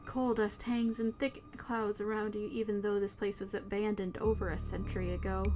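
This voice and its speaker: A woman's voice: medium pitch, moderate pace, hardly any pauses, soft background music. A woman streamer reading game narration aloud and reacting live. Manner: animated, reads narration aloud.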